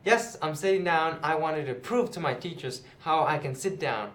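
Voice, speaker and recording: A man's voice: fairly high pitch, moderate pace, a bit bright. A young man retelling a Bible parable in a chatty, casual way, seated indoors. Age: young adult. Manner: chatty, with many fillers like "you know" and "right". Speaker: youth Bible teacher, channel host. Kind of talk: casual Bible lesson to camera. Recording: roomy echo.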